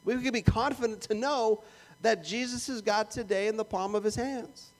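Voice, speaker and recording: A pastor with a Canadian accent and a high voice preaches at normal speed in a conversational, joking style, acting out little prayers and asides.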